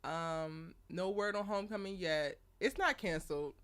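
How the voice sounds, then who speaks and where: A woman's voice: on the low side, moderate pace, a bit bright, clean tone. A young woman hosting a casual live stream, chatty and laughing often as she greets viewers by name. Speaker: live show host.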